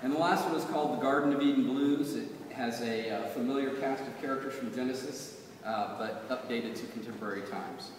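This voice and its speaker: A man reciting his own poems in a measured, rhythmic way at a reading. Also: mid-range voice, background noise. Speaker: poet. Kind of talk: poetry reading. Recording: echoey hall from far off.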